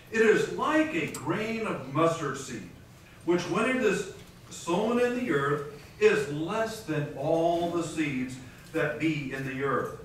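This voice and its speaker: A man's voice: sits high, a bit bright. A man preaching a sermon as pastor, reading scripture aloud and putting questions to his congregation. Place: large conference hall. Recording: echoey hall, distant mic, faint noise.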